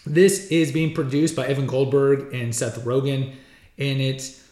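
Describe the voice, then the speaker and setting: A man's voice: medium pitch, fairly even intonation, unhurried, dark tone. Rambling man with an echoey sound. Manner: rambling, many restarts and stammered repeats. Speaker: podcast host. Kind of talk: casual movie-trailer commentary.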